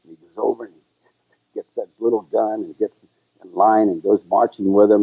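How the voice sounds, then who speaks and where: A man co-hosting a casual chat, telling a story with lively sung bits. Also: fairly quick. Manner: animated storyteller who sings high "la la" bits. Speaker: show co-host. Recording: tinny, phone-like, lo-fi sound.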